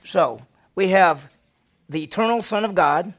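A man, a senior pastor, teaching a Bible lesson in an animated storytelling way and quizzing his class with questions. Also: high voice, a little slow.

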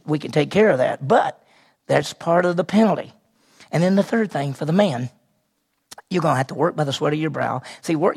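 A man's voice: a little high, creaky, darkish tone, slightly rough. A man preaching a sermon and teaching through a passage, asking his listeners questions and repeating key phrases. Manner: asks the audience questions and answers them, repeats key phrases.

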